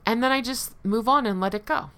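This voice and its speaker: Candid woman with a bright, smooth voice. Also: a little high, a little fast. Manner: candid, conversational, laughs lightly at herself. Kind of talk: personal recovery talk to listeners.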